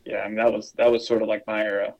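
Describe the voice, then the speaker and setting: A man's voice: on the low side, little pitch movement, fast talker, darkish tone, highs cut off. A man co-hosting a podcast, telling long stories in a loose, rambling way with plenty of fillers. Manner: rambling, filler-heavy storytelling. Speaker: podcast co-host. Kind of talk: casual podcast chat.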